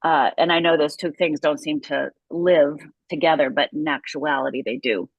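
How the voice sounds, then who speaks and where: Low-voiced woman telling a harrowing story. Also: fairly even intonation, normal speed, husky, dry recording, highs cut off. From Upper Michigan, USA. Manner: intense, vivid storytelling. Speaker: guest. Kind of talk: personal story in an interview.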